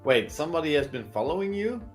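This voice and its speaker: A man's voice: a little high, very animated, fast, soft background music. A man joins a tabletop role-playing session as a player. His voice rises and falls a lot as he fires off eager questions. The talk is casual banter.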